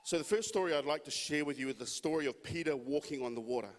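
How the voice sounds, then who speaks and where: A man's voice: fairly high pitch, fast. A man preaching a sermon in a conversational storytelling way. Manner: conversational, storytelling with acted quotes. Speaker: pastor. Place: church hall. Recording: long hall reverb.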